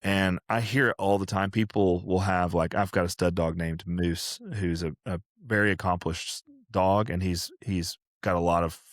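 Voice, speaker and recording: A man's voice: low-pitched, no echo, clean studio sound. A man who trains retrievers and runs a kennel, talking in a casual podcast chat that rambles with fillers and restarts.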